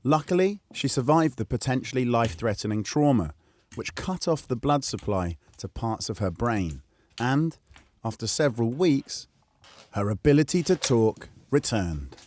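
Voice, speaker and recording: A man hosting and narrating a science documentary in scripted voice-over with an expressive, rising and falling delivery. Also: medium pitch, moderate pace. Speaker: host and narrator. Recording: voice-over over background music.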